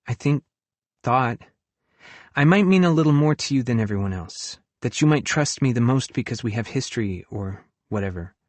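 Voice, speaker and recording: A man's voice: medium pitch, expressive, normal speed, no echo, voice pushed up, lightly acted. A man voicing an earnest, hurt young woman who works as a camp counselor, in an audiobook. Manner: earnest, hurt, talks frankly about her feelings. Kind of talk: audiobook dialogue reading.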